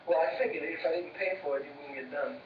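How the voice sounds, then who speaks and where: A man's voice: on the high side, fast, muffled recording, background noise. A man with a Brooklyn New York accent, teasing and wisecracking in casual banter with his brother as co-host. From New York inner city.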